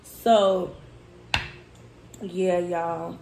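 A woman's voice: lowish voice, level tone, extremely slow, gravelly, mellow, echoey room, a little hiss or hum. A woman speaking who vents about work in a heated, profane storytime chat, tearful at times. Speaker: food vlogger.

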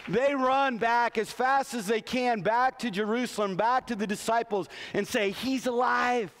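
A man's voice: very high-pitched, a little slow, a bit bright, some chatter behind. A middle-aged man preaching a sermon as pastor, earnest, often restarting his phrases. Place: large church sanctuary. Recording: long reverb of a church hall.

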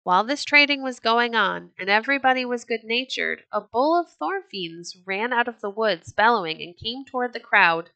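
A woman reading an old storybook aloud as narrator, in a gentle, measured way. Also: mid-range voice, no echo.

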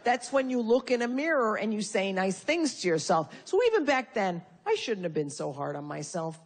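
A woman's voice: medium pitch, sing-song, moderate pace. A woman from Connecticut doing a stand-up comedy set, brash and profane with punchy insult jokes. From Connecticut, USA. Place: live comedy venue with audience.

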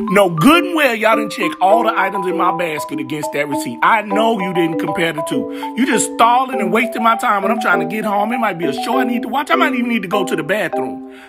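A man hosting an animal comedy show, chatty and playful, breaking into song. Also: high-pitched. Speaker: comedy voice-over host. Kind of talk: casual comic commentary.

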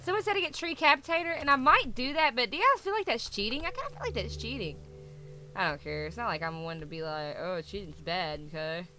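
A young woman from the American South narrates her game in a lively, excitable ramble, her voice swinging high and low as she coos and yells at the creatures. Her tone is high and sharp, with faint music playing behind her. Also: fairly quick. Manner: excitable, squealing at animals, talking to game creatures. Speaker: gaming YouTuber. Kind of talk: casual gameplay commentary.

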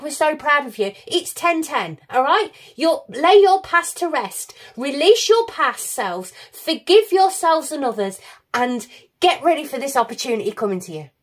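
A woman reads tarot cards to her audience, gushing with encouragement and openly emotional about the reading. Her voice sits high and bright, and she carries on in a warm, heartfelt run of reassurance. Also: big pitch swings, moderate pace. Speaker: tarot reader. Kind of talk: recorded tarot reading to viewers.

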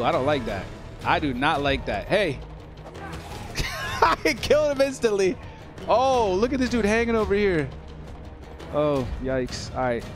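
Excitable male gaming host, chatty and jokey, over game music. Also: on the high side. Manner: excitable, joking, talks to the characters. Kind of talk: let's play commentary.

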